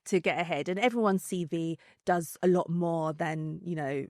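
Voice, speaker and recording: Animated London woman telling stories. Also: on the low side, moderate pace, no echo, clean studio sound. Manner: animated, laughing, many fillers and restarts. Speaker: podcast guest. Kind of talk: casual storytelling chat.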